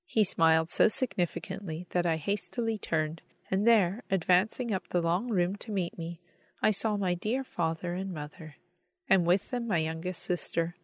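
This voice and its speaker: A woman reading a story aloud as narrator, in a measured, expressive storytelling manner. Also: fairly low pitch, no room sound. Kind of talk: scripted audiobook narration.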